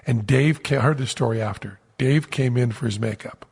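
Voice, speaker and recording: A man casually telling a lively anecdote as a podcast host, acting out the quotes. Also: medium pitch, normal speed, gravelly, husky, in a large hall. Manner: animated storyteller, acts out quotes.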